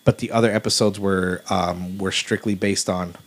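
A low-voiced man from Houston telling stories on a casual podcast. His delivery is laid-back and loose, full of fillers, and he swears freely. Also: fairly even intonation, moderate pace. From Houston, Texas. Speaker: podcast host. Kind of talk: casual storytelling chat.

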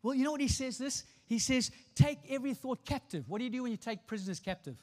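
Man, pastor, high voice, emphatic preaching, repeats phrases, long reverb. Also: fast. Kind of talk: sermon. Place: church stage before a congregation.

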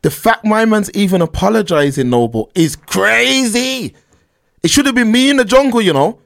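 Male streamer, high-pitched, animated reaction commentary. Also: normal speed, creaky. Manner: animated, talks to the chat. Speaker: stream host reacting to a clip.

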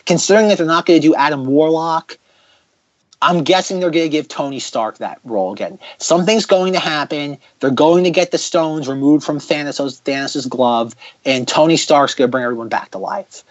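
A man hosting a podcast in casual chat, ranting sarcastically in quick bursts. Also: on the high side, no echo, lo-fi sound. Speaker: podcast host.

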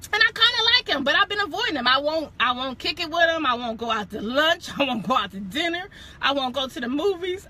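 A young woman with a high-pitched, bright, forceful voice hosts a podcast. In a casual chat she shares a candid faith testimony, laughing often and pausing to correct herself and backtrack.

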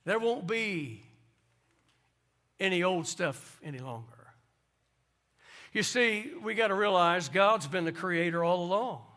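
A man preaches a sermon in a high, bright voice. He moves between hushed, conversational asides and ringing, emphatic declarations. He sounds like a pastor speaking to his congregation. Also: expressive, slow, long pauses. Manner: preaching with swings from soft asides to loud emphasis.

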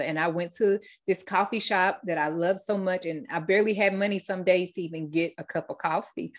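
A woman's voice: on the low side, fairly quick, hardly any pauses. A woman hosting a faith-based podcast, telling her story with heartfelt repetition and fillers. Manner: heartfelt testimony, repeats words, fillers. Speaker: podcast host.

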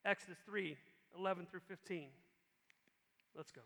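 A male pastor preaching a sermon with animated emphasis. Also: sits high, moderate pace, creaky. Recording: long reverb in a large hall.

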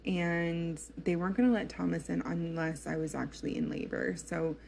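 A woman's voice: lowish voice, fairly even intonation, moderate pace, vocal fry, a little mellow, slight background noise. A young woman telling a personal story to her viewers in a chatty, candid way, with lots of fillers and laughter. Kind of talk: casual storytelling to camera.

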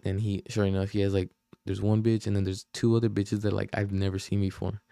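A young man on a podcast tells a story in a casual, slang-heavy way, swearing and often losing his thread. His voice is low, dark and relaxed. The sound is dry and close. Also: a little fast, creaky, no echo. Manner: rambling, slangy, profane, loses his train of thought. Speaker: podcast host.

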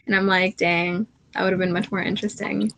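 A young woman co-hosting a casual podcast, rambling through animated retellings full of restarts. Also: mid-range voice, fairly quick, gravelly, dry recording, low-quality recording. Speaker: podcast co-host. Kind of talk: casual chat. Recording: faint background noise.

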